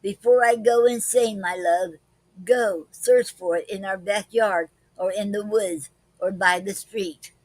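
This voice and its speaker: A woman hosting a live-streamed poetry club reads her poems slowly and deliberately, with pauses and "um"s between them. Her voice sits at a middling pitch. The sound is dry and close, with no room echo. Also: steady tone. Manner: slow deliberate reading with many pauses and fillers.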